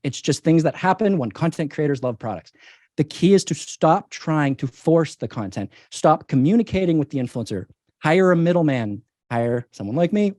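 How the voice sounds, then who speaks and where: A company CEO answers business questions as an interview guest, his slightly high, somewhat mellow voice captured on a dry close mic with no room sound. He is punchy and persuasive, stressing his points and repeating the key ones.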